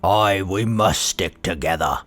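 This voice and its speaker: A man's voice: low-pitched, unhurried, fairly bright tone, pitched below the performer's own voice. A man voicing a boastful, brutish male orc warrior captain with a growling, domineering delivery.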